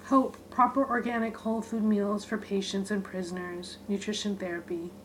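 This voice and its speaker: A woman giving a deadpan spoken-word reading of her own short writings, in clipped, list-like phrases. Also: mid-range voice, normal speed, slight background noise, poor audio.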